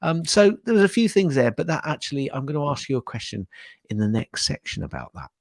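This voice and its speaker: Rambling, animated man co-hosting a podcast. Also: on the high side, fast, creaky, dry recording, studio quality. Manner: rambling, repeats words, laughs often. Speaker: podcast co-host. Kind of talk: casual chat.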